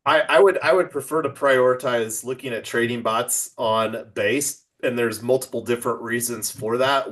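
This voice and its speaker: Male host, loose rambling talk full of restarts, mid-pitched voice. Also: fairly bright tone. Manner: rambling, lots of fillers and restarts. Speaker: project host. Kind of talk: casual online office-hours chat.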